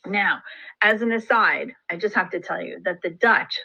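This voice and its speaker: A woman's voice: medium pitch, normal speed, gravelly, sharp tone, husky, lo-fi sound. A woman history teacher giving a recorded lesson, chatty and full of joking asides. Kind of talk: classroom lesson screencast.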